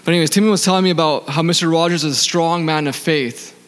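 Higher-voiced man preaching in a hall. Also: a bit bright, smooth. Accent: non-native accent. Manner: asks the audience questions and answers them; reads scripture slowly. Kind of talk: sermon.

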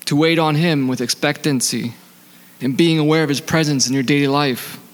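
A man with an accent preaching to a congregation, his voice fairly high for a man. He keeps putting questions to the listeners and then answering them, and he reads the scripture passages slowly. The voice carries a long reverb from the hall. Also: steady tone. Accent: non-native accent. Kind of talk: sermon.

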